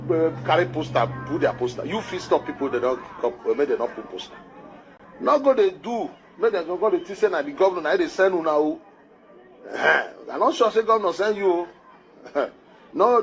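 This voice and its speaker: Emphatic Nigerian man scolding politicians. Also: fairly high pitch. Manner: emphatic, scolding, repeats his points. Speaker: political commentator. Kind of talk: livestream political commentary.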